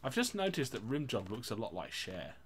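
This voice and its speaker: A man's voice: mid-range voice, big pitch swings, a little fast, noisy background. A man with an English accent, chatting casually and joking with a friend on a gaming livestream, swearing and laughing often. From England. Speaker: livestream host. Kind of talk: casual gaming stream chat.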